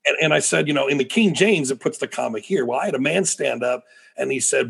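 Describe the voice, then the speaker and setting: A man's voice: medium pitch, lively intonation, fast, gravelly, fairly bright tone, husky. A middle-aged American man, a preacher and guest, telling stories animatedly in a podcast interview with frequent restarts. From United States.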